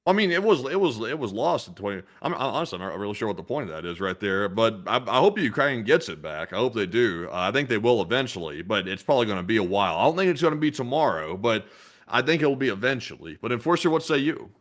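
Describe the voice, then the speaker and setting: A man's voice: lowish voice, sing-song, fast talker, a bit bright. A young man co-hosting a casual chat, easygoing and laughing at his own stories. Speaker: co-host. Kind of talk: casual chat on current events.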